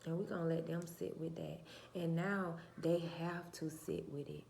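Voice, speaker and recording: A woman with a low, gravelly, cracking voice gives a preachy vlog monologue, asking her viewers one rhetorical question after another. She is soft-spoken by nature, and her mellow, fry-edged tone sits a little low for a woman. The room sounds roomy, with faint noise behind her. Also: steady tone, moderate pace. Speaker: channel host. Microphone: phone or camera mic, her own mic uncharged.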